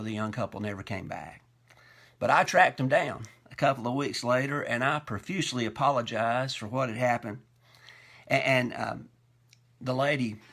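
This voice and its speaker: Pastor guy telling funny church stories in a sermon, gravelly voice, bright tone. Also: mid-range voice. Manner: folksy anecdotes with self-deprecating humor. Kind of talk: storytelling sermon.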